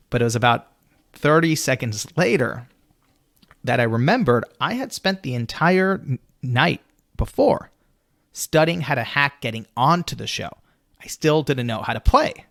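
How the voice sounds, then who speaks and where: A man telling a story as a podcast guest, animated and full of "you know" fillers. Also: mid-range voice, creaky.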